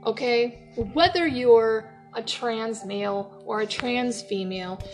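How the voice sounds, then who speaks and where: A woman hosting an opinionated podcast rant from her workplace, heated and profane, swinging between yelling and laughing. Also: a little high, takes it slowly, faint music behind. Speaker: podcast host.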